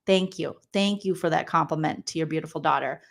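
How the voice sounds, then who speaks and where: A woman in her forties hosting a casual comedic recap of a reality show, reading viewer comments and making quick, joking asides. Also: low-pitched, vocal fry. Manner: chatty, jokey, quick asides and mock voices.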